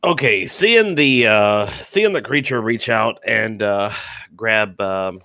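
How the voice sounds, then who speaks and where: A man's voice: on the low side, expressive, slow, sharp tone, smooth, no echo. A man playing a tabletop game, joking and hesitant with many fillers. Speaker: player. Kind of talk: casual tabletop play.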